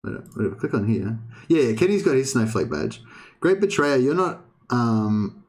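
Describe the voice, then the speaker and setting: A man's voice: medium pitch, lively intonation, measured pace, a little mellow. Rambling young man chatting on stream. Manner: rambling, chatty, often restarts and swears. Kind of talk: casual livestream chat.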